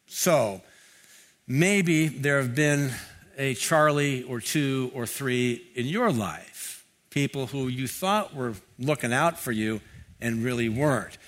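A man's voice: medium pitch, a bit bright. A male pastor preaching a sermon in a conversational, reflective way, repeating phrases for emphasis.

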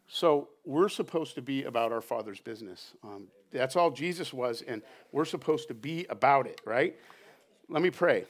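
A man preaching a conversational sermon at a church service, animated and chatty, often checking in with "right?". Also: medium pitch, moderate pace. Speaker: pastor.

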